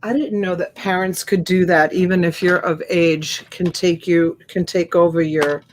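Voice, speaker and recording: A woman's voice: lowish voice, fairly even intonation, moderate pace, slight background noise. A woman hosting a live reseller stream in casual chat, greeting viewers by name and reading their comments aloud. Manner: chatty and warm, greets viewers by name and laughs often. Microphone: USB desk microphone.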